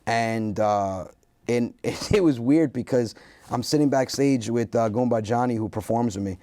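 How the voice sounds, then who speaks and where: A man, a comedian guest, telling lively stories in a casual interview and acting out what people said. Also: medium pitch, normal speed, dry recording. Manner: animated storyteller acting out quotes.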